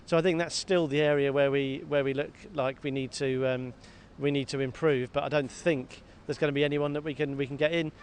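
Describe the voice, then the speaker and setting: A man co-hosting a football podcast, talking in a lively, self-mocking way and often repeating words. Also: fairly high pitch, brisk, hardly any pauses. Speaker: podcast co-host. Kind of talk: casual football chat. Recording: faint background noise.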